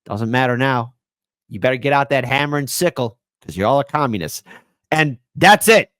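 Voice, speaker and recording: A man's voice: medium pitch, brisk, a bit bright, smooth, no echo, clean studio sound. A man hosting live-stream political commentary in a sarcastic, mocking way, laughing at his own jokes.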